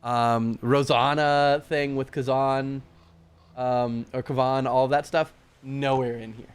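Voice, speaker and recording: A game master running a tabletop game chats out of game in a mid-range voice with a clear, resonant tone, speaking slowly and flatly. His explanations are long, rambling, and full of fillers, picked up on a streaming mic.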